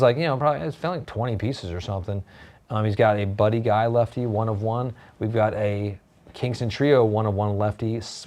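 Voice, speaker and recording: A fast, rambling man co-hosting a casual livestream. His voice sits a little low, and he keeps tumbling over repeated words when he gets excited. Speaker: livestream co-host. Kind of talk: casual chat.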